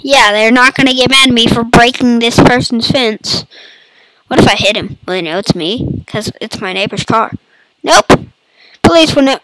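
Hoarse, high-pitched woman gaming. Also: moderate pace, a bit bright, low-quality recording. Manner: playful, chatty, jokey asides to viewers. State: hoarse, losing her voice, coughing. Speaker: gaming YouTuber. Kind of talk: casual let's-play commentary. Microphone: computer mic.

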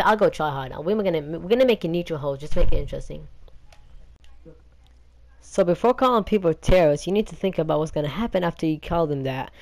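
A young man hosting a gaming channel, talking in a rambling, indignant and defensive rant. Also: on the high side.

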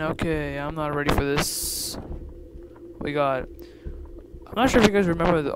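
A jittery young man gives let's-play commentary in a slightly high voice. He swings between hushed mutters and sudden loud yelps. Heavy noise hums behind him throughout. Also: moderate pace. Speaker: gaming YouTuber.

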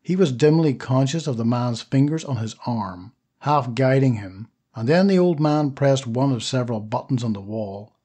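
A man narrating a short story as an audiobook, steady and even. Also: medium pitch, normal speed, hardly any pauses, slightly rough. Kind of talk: scripted narration.

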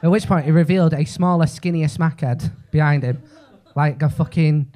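A man with a Liverpool accent performing a stand-up set in a comedy club, telling a story fast, full of "right?" and swearing. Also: fairly high pitch, fairly even intonation, mellow, a little hiss or hum.

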